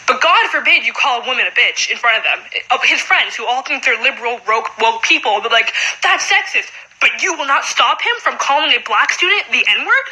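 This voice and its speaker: A young woman in her late teens, a high school student, venting in a casual vlog with frustrated talk full of "like.". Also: lively intonation, brisk, hardly any pauses, pushed and bright, rough recording.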